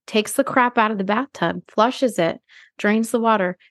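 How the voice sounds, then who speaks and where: Woman, 30s, podcast co-host, animated storyteller, very dry close sound. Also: medium pitch, moderate pace, dry recording. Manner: animated storyteller, acts out her own gagging and quotes. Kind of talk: casual chat.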